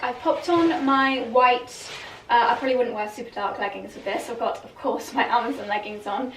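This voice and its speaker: A young fashion vlogger tries on clothes in a room at home, chatting casually, thinking aloud about outfits and giggling often. Her slightly high, fairly bright voice comes at a moderate pace from a distant mic, echoing off the walls over a faint hiss.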